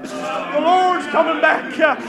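A man preacher giving a fervent sermon in church, often shouting with rising intensity. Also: very high voice, fairly even intonation, slow pace, a loud crowd, very noisy. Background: faint piano music.

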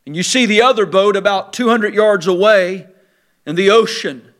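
A man delivers a sermon in a strikingly high, bright voice. He is animated, rising into loud emphatic bursts and dropping into low, quiet asides. His tone is sharp and forward. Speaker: preacher.

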